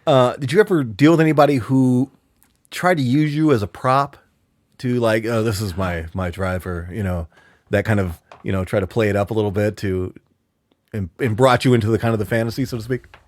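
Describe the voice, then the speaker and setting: A man's voice: medium pitch, brisk, no room sound. Laid-back man hosting, dry close sound. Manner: laid-back, profane interjections. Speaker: podcast host. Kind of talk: casual interview chat.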